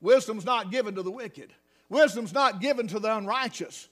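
A man preaching a sermon as pastor, moving from quiet talk to loud, rising calls with hallelujahs. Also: sits high, moderate pace.

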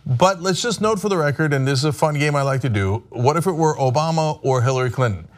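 A man's voice: a little high, animated, quick pace. A man hosting a sarcastic political commentary show, talking animatedly and mocking his subjects.

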